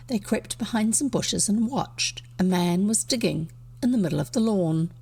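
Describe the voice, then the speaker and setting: New Zealand woman narrating a classic storybook aloud, unhurried, a little gravelly. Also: medium pitch. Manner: steady storybook narration with asides. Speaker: reader. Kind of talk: reading a children's book aloud.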